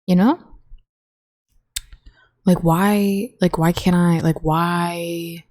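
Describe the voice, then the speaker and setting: A woman's voice: fairly low pitch, fairly even intonation, extremely slow, mellow, dry recording. A young woman in college hosting a casual solo podcast, rambling with lots of fillers and swearing, recorded close on her own mic in a dorm room. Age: young adult. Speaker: podcast host.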